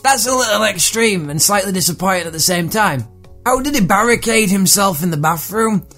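A man hosts a comedy podcast and riffs on odd news items in an irreverent, profane way. His voice sits fairly high for a man. Faint music plays under him. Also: animated, a little fast, a bit bright. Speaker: podcast host. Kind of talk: comedic monologue reading tweets.

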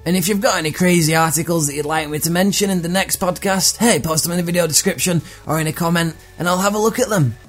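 A man's voice: on the high side, quick pace, few pauses, soft background music. A man hosting a comedy podcast, riffing irreverently and profanely on news items. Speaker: podcast host. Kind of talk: comedic monologue reading tweets.

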